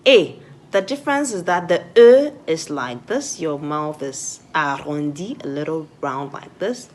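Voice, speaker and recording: A woman from Ghana teaching French pronunciation, saying each example word twice with clear emphasis. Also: low voice, lively intonation, unhurried, darkish tone. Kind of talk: pronunciation lesson.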